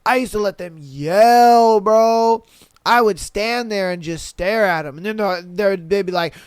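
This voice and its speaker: A young man hosting a podcast, telling a story in a slangy, animated way and swearing often. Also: high-pitched, measured pace, smooth, no room sound. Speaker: podcast host. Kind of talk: casual storytelling chat.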